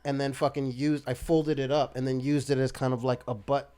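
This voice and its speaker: A man's voice: medium pitch, a little fast, clear, resonant tone. A man guesting on a comedy podcast, telling a rambling story and swearing a lot. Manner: rambling, animated, laughs through his story, swears a lot.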